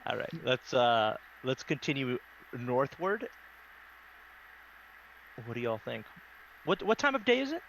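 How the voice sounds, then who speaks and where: A man's voice: medium pitch, unhurried, creaky, long pauses, a little hiss or hum, poor audio. A man playing a tabletop game in a casual, jokey way. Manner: jokey, lively, laughs often. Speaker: player.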